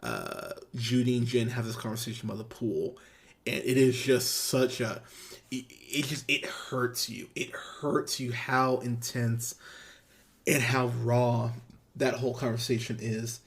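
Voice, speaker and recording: Brief: young male podcast host, mid-range voice, excitable and profane in casual chat. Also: mid-range voice, unhurried, creaky. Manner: enthusiastic, profane, full of restarts and fillers.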